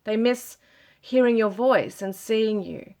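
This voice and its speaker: This tarot reader channels her reading in a fairly high, dark voice at a slow pace. Overcome with emotion, she breaks up near tears and gushes with many sighs and exclamations.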